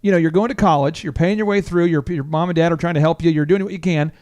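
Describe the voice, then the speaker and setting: A man hosting a business talk show, telling a story in an excitable, jokey way. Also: on the high side, quick pace. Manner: excitable, jokey, breaks into imitations of friends. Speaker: host. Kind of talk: animated storytelling chat.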